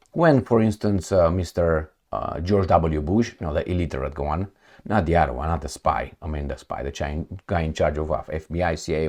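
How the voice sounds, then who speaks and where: A man's voice: low-pitched, a little mellow. A man giving casual political commentary, mocking and chatty, talking to his viewers like friends. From Romania.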